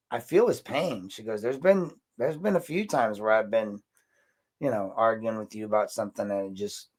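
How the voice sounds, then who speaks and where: A man hosting a podcast, talking through a recent confrontation in a casual, animated commentary, with emphatic bursts and rambling restarts. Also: mid-range voice. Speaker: podcast host.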